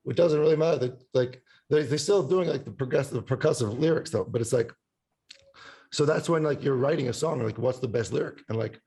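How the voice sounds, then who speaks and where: A male musician chatting casually on a podcast with a gravelly, creaky edge to his voice. He rambles, swears freely and hums or sings little bits to make his point. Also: mid-range voice, brisk, dark tone. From Italian family background. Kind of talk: casual chat.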